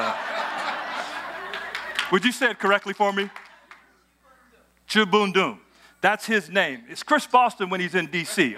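A man preaching a sermon to a congregation, telling travel stories, asking the crowd questions and building to bursts of praise. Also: high-pitched. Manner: storytelling with audience call-and-response, rising to shouts of praise. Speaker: pastor. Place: church auditorium with congregation.

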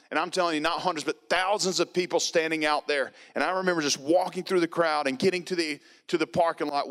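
A man's voice: a little high, fairly bright tone, smooth. A man preaching, telling a personal testimony emphatically, with lots of repetition. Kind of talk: sermon testimony.

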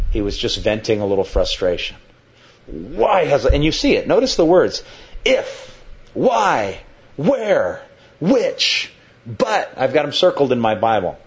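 A man preaching a sermon verse by verse in a conversational way, acting out the quoted lines with sudden lifts in his voice. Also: highs cut off. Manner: conversational, dramatizes quotes with sudden pitch jumps. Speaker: pastor. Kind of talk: expository sermon.

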